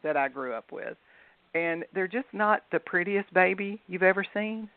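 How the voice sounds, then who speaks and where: A woman's voice: lowish voice, lively intonation, normal speed, no echo. A woman with a Southern US accent, telling stories as a guest in a casual chat. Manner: chatty storyteller. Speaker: guest author. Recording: dry phone-line audio.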